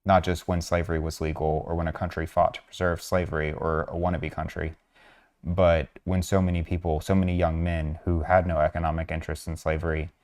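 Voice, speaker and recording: A man with a deep, even voice that stays low and barely rises or falls. He talks in an earnest, measured way, pausing often on "uh" and "um" as he walks through posts on screen. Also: gravelly. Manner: earnest, measured, with frequent fillers. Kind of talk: narrated screen walkthrough.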